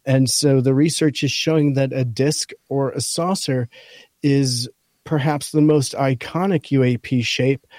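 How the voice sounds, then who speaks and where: Male podcast co-host, scratchy and mellow, reads an article aloud point by point, dry close sound. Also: mid-range voice, steady tone, measured pace, no room sound. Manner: talks through a list point by point. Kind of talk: casual chat, reading from an article.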